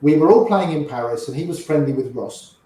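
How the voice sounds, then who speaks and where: An older man, a poker player, telling old stories in an animated way and quoting people in quick little voices. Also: a little high. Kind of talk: anecdotal storytelling. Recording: very echoey room.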